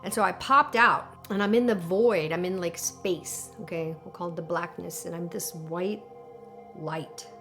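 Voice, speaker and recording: A woman in a documentary interview, telling a personal story in an animated, emotional way with lots of fillers. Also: fairly low pitch, unhurried, soft background music. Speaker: interviewee recounting alien contact.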